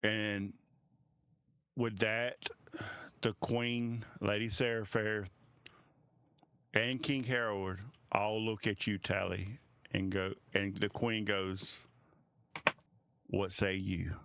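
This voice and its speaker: Slow, clear-voiced male game master. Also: fairly low pitch, level tone, a bit bright, no echo. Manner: measured, descriptive narration. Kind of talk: narrating a tabletop game.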